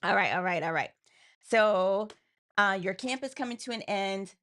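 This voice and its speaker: A woman from New York co-hosting a casual live chat, talking fast and laughing often. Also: mid-range voice, fairly bright tone. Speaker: co-host.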